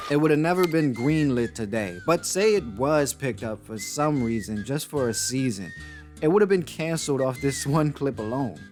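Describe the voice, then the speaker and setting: A man's voice: mid-range voice, a little mellow. Man narrating over background music. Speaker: video essay host. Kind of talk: scripted commentary. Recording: clear background music under voice.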